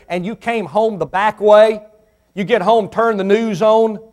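A man preaching a sermon as pastor in a church, with sudden swells in pitch and volume, acting out questions from imagined listeners.

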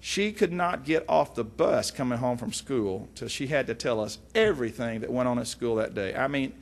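A middle-aged man, teaching from the Bible in a folksy, animated way with frequent asides. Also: mid-range voice, normal speed, creaky. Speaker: preacher.

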